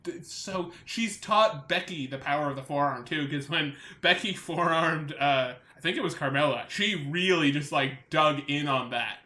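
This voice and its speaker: A podcast co-host from Long Island, with a light New York accent, rambles enthusiastically in casual chat and often restarts his sentences. His voice is fairly high and sharp, at normal speed with few pauses, and the recording sounds roomy.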